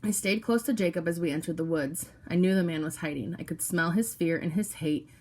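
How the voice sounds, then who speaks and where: A woman reads a novel aloud in the first person. Her storytelling is steady and low-key, set in a lowish register. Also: brisk. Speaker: audiobook reader.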